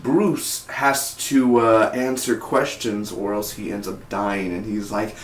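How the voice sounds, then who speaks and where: A man reviewing a TV episode in a rambling, excitable way, full of "man" and "like". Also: lowish voice, moderate pace, few pauses, roomy sound. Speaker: TV review vlogger.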